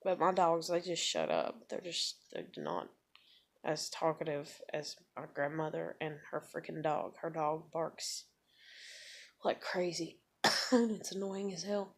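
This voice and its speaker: A woman's voice: deep voice, expressive, unhurried, gravelly. A woman in her thirties venting in a rambling, profane monologue from a room at home. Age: 30s. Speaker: vlogger.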